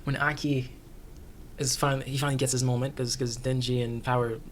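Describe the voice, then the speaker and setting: Man, recurring guest, casual anime chat, animated, jokey, laughs a lot. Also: mid-range voice, brisk, slight background noise.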